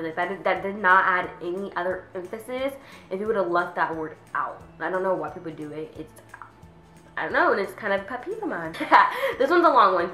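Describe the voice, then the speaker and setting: A teenage girl venting about her pet peeves in a casual vlog, chatty, with lots of "like", sometimes mimicking people in a higher voice. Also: a bit bright, echoey room, rough recording. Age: teens. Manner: chatty, says "like" constantly, acts out quoted people in a higher voice. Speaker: vlogger.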